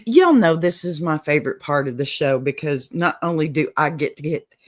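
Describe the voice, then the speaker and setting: A Texas host with a Southern accent runs an advice show, sounding casual, encouraging and animated at a moderate pace. Her middle-pitched voice checks in with "okay?" and calls listeners "y'all," recorded close and dry with no room echo.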